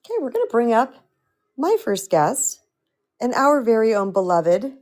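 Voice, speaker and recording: A middle-aged woman host telling a personal story in a chatty, animated way, laughing often. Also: on the high side, moderate pace. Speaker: host and self-love coach. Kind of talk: storytelling talk.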